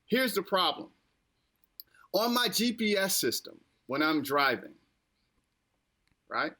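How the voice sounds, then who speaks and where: A man's voice: high-pitched, big pitch swings, slow pace, bright, forceful tone. An American man hosting a podcast who lectures his listeners in a repetitive, preachy way. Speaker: podcast host. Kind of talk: casual political podcast talk.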